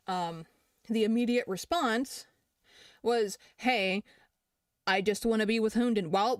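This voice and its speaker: A young adult creator responding to allegations reads posts aloud and reacts casually, cursing plenty. The medium-pitched voice is smooth, and the studio-quality recording is dry.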